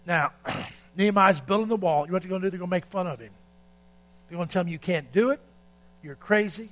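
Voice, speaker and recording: A man preaching a sermon, telling stories in a folksy way and calling out for amens, building up to shouted peaks. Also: sits high, fast talker, poor audio. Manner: calls for amen from the congregation. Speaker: pastor.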